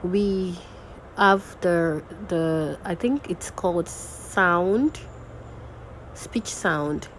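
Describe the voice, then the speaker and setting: Slow, patient woman teaching. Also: lowish voice, a little hiss or hum, low-quality recording. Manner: slow, patient, repeats example words aloud. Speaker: diction and grammar tutor. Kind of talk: recorded teaching lesson.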